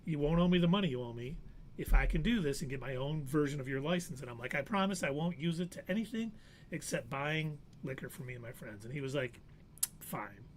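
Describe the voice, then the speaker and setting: Here the co-host's voice is fairly high and fast, with a faint hiss or hum underneath. He tells a long story in relaxed live-show chat, performing each quoted person with lively energy.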